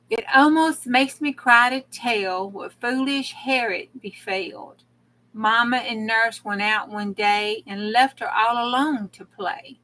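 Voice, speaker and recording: A woman's voice: fairly high pitch, slow pace, pushed and bright, poor audio. A woman, a crafting channel host who reads old rhymes aloud with dramatic gasps and exclamations between verses.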